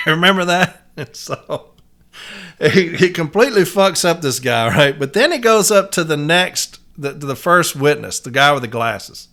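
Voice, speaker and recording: A man's voice: fairly high pitch, expressive, normal speed, bright, forceful tone. A man hosting his own podcast, ranting angrily and cursing freely, talking as a union letter carrier. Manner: angry, profane, emphatic. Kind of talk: heated solo podcast rant.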